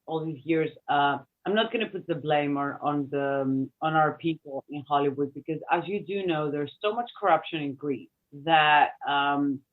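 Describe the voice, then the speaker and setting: A woman's voice: low voice, normal speed, hardly any pauses. A woman who is a guest in a casual chat, speaking hesitantly with many fillers. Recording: tinny phone-like line.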